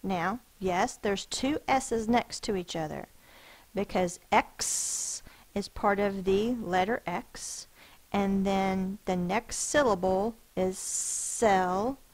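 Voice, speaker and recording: A woman teacher slowly and patiently sounding out spelling words, letter by letter, for a class. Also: medium pitch, darkish tone, rough recording. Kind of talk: phonics lesson for children.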